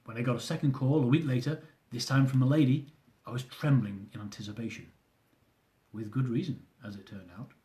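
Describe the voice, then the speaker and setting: A man reading his own comic travel memoir aloud, with animated delivery. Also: mid-range voice, a little fast. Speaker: author.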